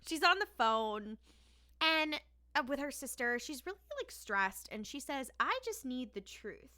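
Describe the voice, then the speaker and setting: Bright, lively woman recapping, laughing. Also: high-pitched, measured pace. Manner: laughs often, swears freely, animated retelling. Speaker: podcast co-host. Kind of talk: casual recap chat.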